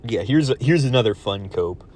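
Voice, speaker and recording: A man in a profane solo vlog rant, swinging between loud outbursts and low muttered asides. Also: expressive, normal speed. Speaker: vlogger.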